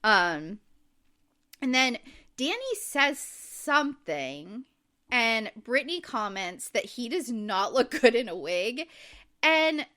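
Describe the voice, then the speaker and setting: A woman's voice: fairly high pitch, very animated, takes it slowly, pushed and bright. A woman co-hosting a podcast, chatting casually and filling her talk with "like" and "um". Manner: chatty, filler-heavy, lots of "like". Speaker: podcast co-host recapping a reality show. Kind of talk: casual chat.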